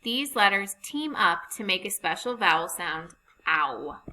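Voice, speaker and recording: A woman teaching a phonics lesson over slides, reading rules and example sentences slowly and deliberately. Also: medium pitch, lively intonation, background noise.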